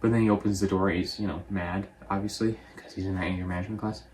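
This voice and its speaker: Young male reviewer, low voice, offhand rambling recap style. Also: steady tone, a little mellow, a little hiss or hum. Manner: rambling, offhand, quotes characters in quick voices. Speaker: movie reviewer. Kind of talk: casual movie recap.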